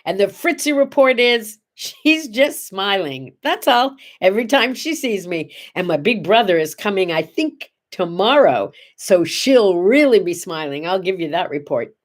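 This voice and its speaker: A woman hosting a relaxed morning show, spinning personal stories in a chatty way. She keeps a mid-range voice and drops in playful asides. She sounds animated as she tells each anecdote. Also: mid-range voice, a little slow, hardly any pauses. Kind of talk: casual chat and storytelling.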